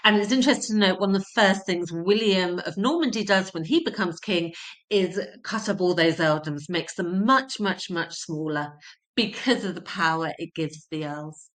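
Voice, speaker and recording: A woman's voice: lowish voice, moderate pace, a bit bright. A woman teaching a history lesson, explaining terms simply and repeating key points for emphasis.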